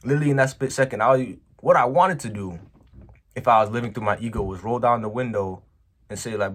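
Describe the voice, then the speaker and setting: Speaking briskly in a mid-range voice, a man who runs a business recounts something from his own life. The vlog-style monologue is casual and emphatic, full of slang and the word "bro."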